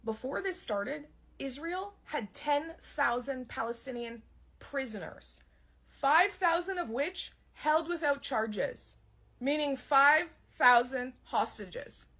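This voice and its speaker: A woman's voice: sits high, expressive, slow, sharp tone. A young woman, delivering a heated, profane, sarcastic rant. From Canada. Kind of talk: ranting monologue.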